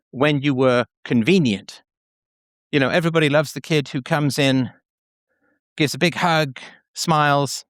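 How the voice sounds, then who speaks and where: A man's voice: medium pitch, no echo. A man hosting a call-in show, talking frankly and probing the caller. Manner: frank, probing, lively delivery.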